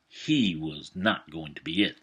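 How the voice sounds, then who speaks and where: A man in his fifties telling a family story in a folksy, animated way, with some hesitations. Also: rumbling low, measured pace, heavy background noise. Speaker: vlogger. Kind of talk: storytelling monologue.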